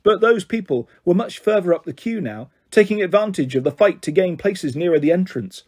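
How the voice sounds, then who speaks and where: A man reading a children's novel aloud in steady first-person narration, giving voices to the characters. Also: high voice, fairly quick, breathy edge. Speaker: storyteller.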